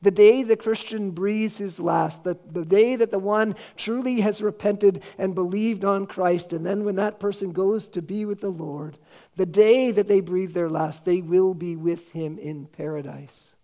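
Male pastor, sermon delivery, fairly high pitch, soft dark tone, building emphasis. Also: moderate pace. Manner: earnest preaching, quoting scripture with rising emphasis.

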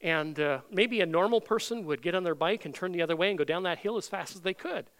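A middle-aged man from Canada preaching a sermon in a high voice. His tone is bright and forceful as he builds earnestly to loud peaks. Then he drops to hushed, intimate passages. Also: fast. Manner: earnest preaching, swings from loud proclaiming to soft intimate tones. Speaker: pastor.

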